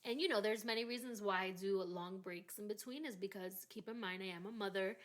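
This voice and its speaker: A woman hosting a faith-focused podcast, telling a personal story in an animated, emotional way during a casual chat. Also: medium pitch, a little fast. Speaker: podcast host.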